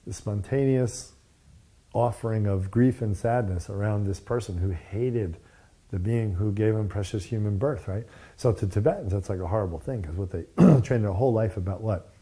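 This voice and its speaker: A man teaches meditation in a loose, conversational way, wandering into stories and checking in with his listeners. His voice sits low and warm. It has a husky edge. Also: normal speed. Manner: conversational, digressive, frequent "you know" and "right?". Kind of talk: casual dharma talk.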